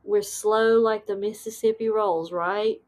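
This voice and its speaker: A woman's voice: medium pitch, fairly even intonation, unhurried, a little mellow. A woman with a Southern American accent hosting a live stream, chatting casually and easily breaking into laughter. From Southern United States. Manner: laid-back, chatty, laughs easily, many fillers. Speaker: host of a live paranormal stream. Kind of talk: casual chat reading live comments.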